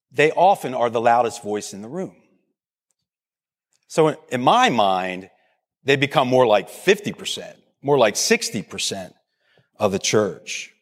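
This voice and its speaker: A pastor preaching to his church with fervour, his voice rising and falling across a wide range. The sound carries the long reverb of a large hall. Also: medium pitch. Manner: passionate, animated preaching. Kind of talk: sermon. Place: church sanctuary.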